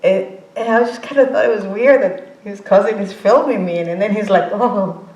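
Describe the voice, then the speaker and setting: A woman in her forties giving an informal meditation talk, halting with many fillers and restarts, often breaking into laughter. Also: medium pitch, a little mellow, dull audio. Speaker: meditation teacher. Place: meditation hall. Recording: roomy hall sound.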